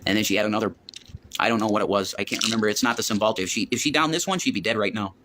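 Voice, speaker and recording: A man's voice: lowish voice, racing, background noise. A man telling a heated personal story, swearing often and repeating himself. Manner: profane, agitated, repeating himself. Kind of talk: emotional storytelling on a stream.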